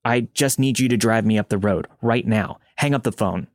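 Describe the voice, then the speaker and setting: A man's voice: on the low side, moderate pace, no room sound, studio quality, natural voice. A man voicing a drunk, injured stranger who slurs and urgently demands a ride. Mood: panicked.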